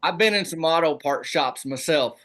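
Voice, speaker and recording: Guy telling deadpan tall tales on a radio show, bright punchy voice. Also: on the high side, moderate pace. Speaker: comedian guest. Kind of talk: comic storytelling in a rural persona.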